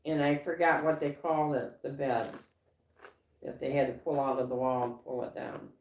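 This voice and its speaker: A woman co-hosting a casual livestream chat, rambling with halting restarts and fillers. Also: very deep voice, level tone, a little mellow, a little hiss or hum. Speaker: livestream co-host. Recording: echoey room.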